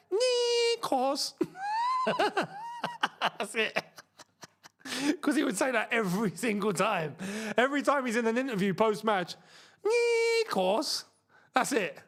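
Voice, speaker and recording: A young man hosting a live football watchalong, reacting loudly to goals and bantering with his chat. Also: high-pitched, lively intonation, a little fast.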